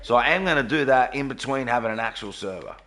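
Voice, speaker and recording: A man's voice: mid-range voice, expressive, fast talker, a bit bright. A man live-streaming a game from his home studio, chatting casually and greeting viewers by name.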